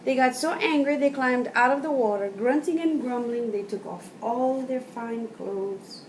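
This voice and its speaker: A woman reading a picture book aloud to children, pausing to point at pictures and explain words. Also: a little high. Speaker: storyteller. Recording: roomy, from a distance, faint background noise.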